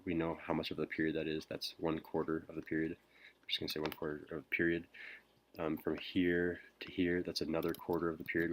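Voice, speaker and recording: A man teacher whispering a recorded math lesson, hesitant with frequent pauses. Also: extremely low pitch, slight background noise. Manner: whispering softly; hesitant, many ums.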